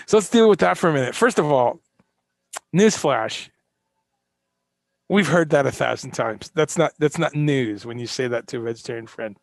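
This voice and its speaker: A man's voice: medium pitch, normal speed, creaky, no echo, studio quality. A man hosting a live-streamed solo talk, ranting with passion, swearing and firing off rhetorical questions. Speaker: host.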